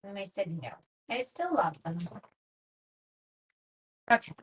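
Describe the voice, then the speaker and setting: A woman's voice: medium pitch, very animated, slow, a bit bright, slightly rough. A middle-aged Canadian woman hosting a live stamping stream, thinking aloud as she works and greeting viewers by name. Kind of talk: casual live craft demo chat. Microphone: live stream mic.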